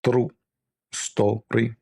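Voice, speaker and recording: A man hosting a casual livestream, his voice gravelly and husky. He rambles along in a mocking, sarcastic way, and his tone stays dark and low-lit. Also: level tone, drawn-out words. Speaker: livestream host.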